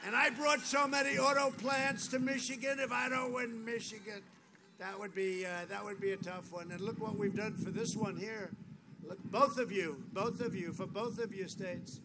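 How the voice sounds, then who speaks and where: A man's voice: sits high, steady tone, moderate pace. A man giving a rambling, boastful rally speech outdoors, full of repetition and asides. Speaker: political speaker at a rally. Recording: noisy outdoor rally audio.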